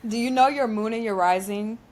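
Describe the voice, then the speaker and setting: A woman's voice: a little high, brisk, a little hiss or hum. A woman hosting a podcast, asking questions in a friendly, curious, casual way with lots of "like" fillers. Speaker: podcast host. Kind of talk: casual interview chat.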